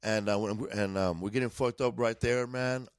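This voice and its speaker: The comedian guest, from East Los Angeles, USA, tells stories in a loose, profane way, laughing through a casual chat indoors at a podcast studio. His fairly low voice stays fairly even at a moderate pace, with no echo.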